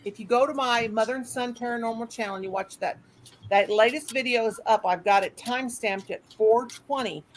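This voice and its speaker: A middle-aged woman hosting a livestream, talking in an excitable, chatty, rambling way. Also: fairly high pitch, brisk, rough recording. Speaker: livestream host. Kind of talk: casual livestream chat. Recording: faint background noise.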